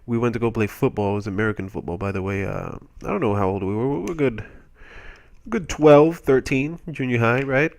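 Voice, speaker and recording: A man's voice: medium pitch, a little fast, darkish tone. Rambling young man telling a silly story. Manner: rambling, self-mocking, playfully exaggerated. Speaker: commentator. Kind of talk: comedic storytelling over gameplay.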